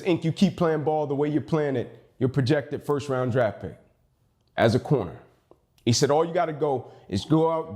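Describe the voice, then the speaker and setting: A young man, a motivational speaker, tells a personal story with a mid-range, darkish voice. He speaks emphatically and acts out the dialogue he quotes.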